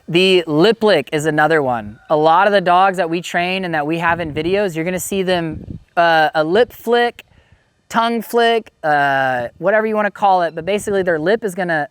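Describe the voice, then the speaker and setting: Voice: medium pitch, clear, resonant tone, dry recording. A dog trainer giving a casual instructional talk, easygoing and explanatory, often saying "you know".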